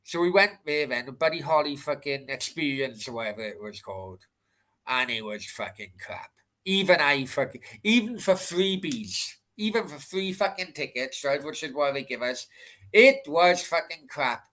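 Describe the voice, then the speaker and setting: Male stream host, casual, swears nonstop, bright, fairly high voice. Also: expressive, normal speed. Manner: swears constantly, rambling with restarts. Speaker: football channel host. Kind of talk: casual rambling anecdote on a live stream.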